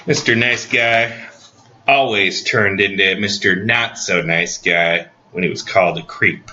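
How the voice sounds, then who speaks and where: Bright-voiced deadpan man. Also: low-pitched, a little slow. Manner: dry mock-serious delivery. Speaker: comedy podcast host. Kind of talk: deadpan comedic monologue. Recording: slightly dull lo-fi recording.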